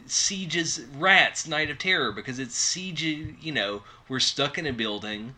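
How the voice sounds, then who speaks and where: A man's voice: medium pitch, lively intonation, a little slow, pushed and bright. A man co-hosting a podcast, chatting casually about horror films with lots of fillers. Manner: rambling, filler-heavy. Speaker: podcast co-host. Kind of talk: casual chat.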